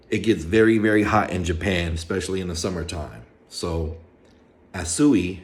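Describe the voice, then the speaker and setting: A man from Hawaii casually explaining Japanese words he has picked up, repeating each one slowly in a relaxed, slangy way with some swearing. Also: low-pitched. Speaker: vlogger teaching Japanese words.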